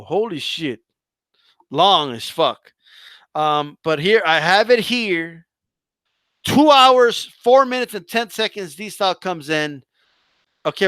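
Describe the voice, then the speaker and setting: Man, boxing stream host, casual rant, high bright voice, dry sound, mocking and loud. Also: clean tone, no room sound. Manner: loud, mocking, hyped, swears freely.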